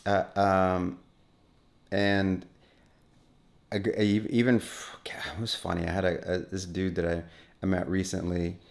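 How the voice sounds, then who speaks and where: A middle-aged man from Wyoming, talking as an actor guest in a relaxed, rambling interview with many restarts. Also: sits low, measured pace, creaky, long pauses. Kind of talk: casual interview conversation.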